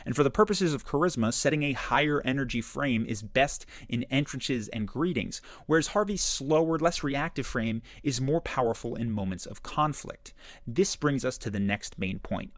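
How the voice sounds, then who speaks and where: A man's voice: medium pitch, normal speed, no room sound, clean studio sound. A man narrating a self-improvement video in a scripted, analytical, explanatory way. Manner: explanatory, analytical, lively inflection.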